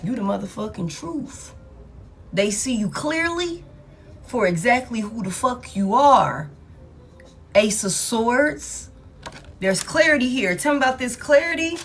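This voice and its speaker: A woman doing a collective tarot reading, swearing freely and speaking with emphatic, animated energy. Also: on the high side, slight background noise. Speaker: tarot reader.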